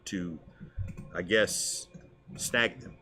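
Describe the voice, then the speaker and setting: A man co-hosting a casual fishing show, telling stories with lively put-on voices and frequent laughs. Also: low voice, extremely slow. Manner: animated storyteller, laughs often.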